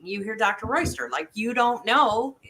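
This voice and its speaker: Animated woman host with a bright voice. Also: fairly high pitch, normal speed, vocal fry. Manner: animated storyteller who acts out quotes. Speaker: podcast host and licensed therapist. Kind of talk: casual interview chat.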